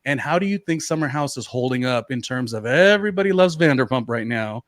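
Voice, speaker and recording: A man's voice: mid-range voice, animated, a little fast, no room sound, clean studio sound. A man hosting a podcast interview, chatty and enthusiastic, asking questions with casual fillers. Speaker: podcast host.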